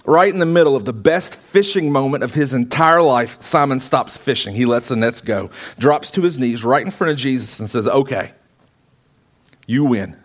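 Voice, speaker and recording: A man's voice: mid-range voice, moderate pace, few pauses. A man preaching a sermon, retelling a story with vivid, emphatic repetition.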